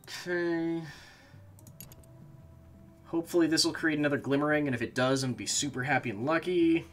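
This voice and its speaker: A man's voice: fairly high pitch, a little fast, fairly bright tone, soft background music. A man streaming a game, talking to himself as he plays and breaking into frustrated, swearing outbursts. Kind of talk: casual gameplay commentary.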